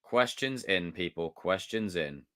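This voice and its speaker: A man hosting a livestream, reading viewer comments aloud in a loose, excitable, joking way with some swearing. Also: deep voice, measured pace. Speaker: livestream host.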